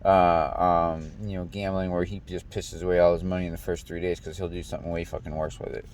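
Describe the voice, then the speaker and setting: A man's voice: low-pitched, level tone, a little fast, a little mellow, slight background noise. A young American man ranting in casual talk, swearing often and stumbling over restarts as he rambles. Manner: profane, rambling, stammers and restarts. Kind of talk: casual rant.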